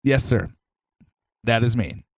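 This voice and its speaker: A man's voice: medium pitch, slow pace, a little mellow, dry recording. A young man co-hosting a casual comedy podcast, telling profane, laid-back stories. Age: young adult. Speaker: podcast co-host.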